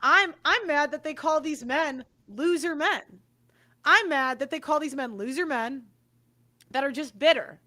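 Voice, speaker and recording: High, bright-voiced woman ranting. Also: measured pace. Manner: swearing, ranting, repeats herself. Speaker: podcast host. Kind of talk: angry monologue.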